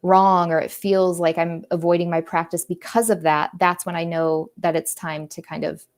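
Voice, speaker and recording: A woman's voice: lowish voice, flat delivery, normal speed. A woman artist and teacher chatting casually while she paints, earnest and a little preachy as she drifts into pep talks. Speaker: artist and teacher hosting a live creative stream.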